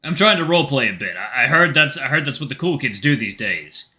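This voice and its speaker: A man's voice: medium pitch, animated, a little fast, few pauses, bright, forceful tone. A man hosting a gaming channel, reading a visual novel aloud with casual, joking asides.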